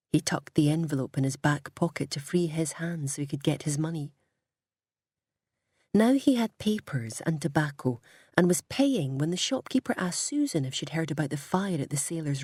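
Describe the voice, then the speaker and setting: A woman reading a story aloud in a calm, unhurried narration. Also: low-pitched, husky, no echo, clean studio sound. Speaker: audiobook reader.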